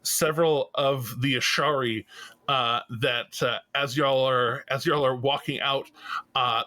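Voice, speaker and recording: Slow, halting male game master. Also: mid-range voice, pushed and bright, dry recording, low-quality recording. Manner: slow, halting narration with many fillers and restarts. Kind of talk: narrating a tabletop game.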